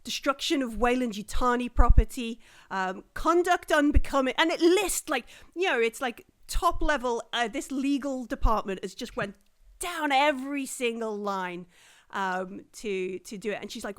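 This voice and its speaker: A woman's voice: fairly high pitch, expressive, moderate pace. Woman narrating a tabletop game. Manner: rambling, many fillers and restarts, acts out characters. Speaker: game master.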